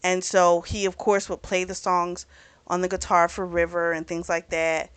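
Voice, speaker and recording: A woman's voice: lowish voice, level tone, moderate pace, clean tone, no room sound. A woman host casually recapping a novel for a book club, talking in a chatty way and filling her retelling with "you know" and "he's like.".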